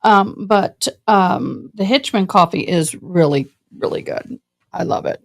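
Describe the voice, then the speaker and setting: A woman's voice: lowish voice, expressive, a little slow, creaky. A woman from Tennessee chatting casually as host of a true crime livestream, saying "y'all" often.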